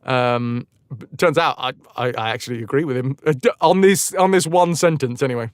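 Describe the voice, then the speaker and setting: A man's voice: mid-range voice, fairly quick, clean tone, no echo, clean studio sound. A man hosting a livestream, chatting in a digressive, wry way, often cutting himself off mid-thought and swearing casually. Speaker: livestream host. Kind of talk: casual rambling chat.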